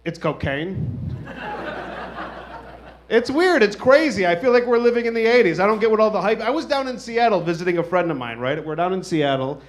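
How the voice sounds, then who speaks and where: Thirties guy doing standup, swears a lot, kinda high voice, dry wry jokes. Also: animated, fairly quick. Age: 30s. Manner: casual, profane, wry storytelling. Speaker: stand-up comedian. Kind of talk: stand-up comedy set.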